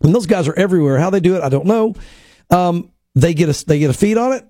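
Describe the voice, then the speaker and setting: A man, a pastor co-hosting a talk show, talks in animated bursts and acts out quotes. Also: high-pitched, quick pace, no room sound, clean studio sound. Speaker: pastor and co-host. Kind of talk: casual prophecy talk show.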